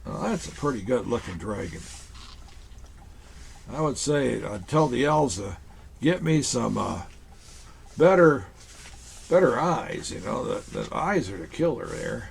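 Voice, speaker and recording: Gravelly man as Santa talking to kids. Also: medium pitch, sing-song, a little slow, pauses often, a little hiss or hum. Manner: folksy, chatty, talks straight to children. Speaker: Santa Claus performer hosting a kids' craft show. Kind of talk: children's craft demonstration.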